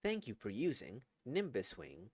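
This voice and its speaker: A man's voice: medium pitch, huge pitch swings, unhurried, darkish tone, dry recording, heavily acted. Stilted, robotic game AI assistant, polite and formal, evenly paced as voiced by a man.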